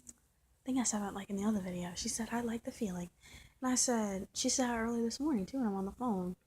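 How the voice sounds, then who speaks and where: A woman's voice: fairly high pitch, fast, a little mellow, slight background noise. A woman talking straight to camera in a personal vlog, venting and often restarting and repeating her words. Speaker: vlogger.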